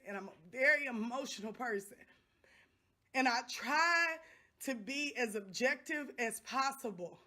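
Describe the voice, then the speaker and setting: Middle-aged woman, upset vlogger, impassioned and repetitive, higher pitched. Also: animated, a little slow, sharp tone. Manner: impassioned, repeats phrases for emphasis. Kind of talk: angry direct-to-camera vlog.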